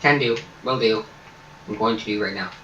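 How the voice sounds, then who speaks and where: A man in casual let's-play commentary, goofy and profane, chattering to himself. His voice is bright and sits back from the mic in a roomy space, with faint noise behind. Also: on the low side, normal speed, recorded from a distance, muffled recording. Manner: goofy, swearing, talks to himself. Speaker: gameplay streamer.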